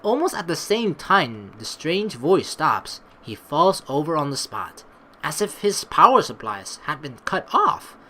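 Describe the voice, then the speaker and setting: A woman reading a visual novel aloud in an expressive way, adding her own asides. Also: low-pitched, measured pace, a little hiss or hum. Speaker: game player reading aloud.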